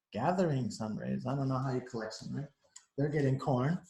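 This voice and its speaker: A man's voice: medium pitch, fairly quick, gravelly, warm tone. A man, a teacher, reads a storybook aloud to children at home, breaking off for simple, chatty explanations of words. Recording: roomy echo.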